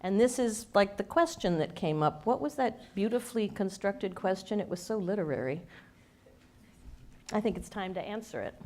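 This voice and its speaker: A woman speaker and coach giving an animated, emphatic talk with wry humor to a studio audience. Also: medium pitch, moderate pace. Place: event space with a studio audience.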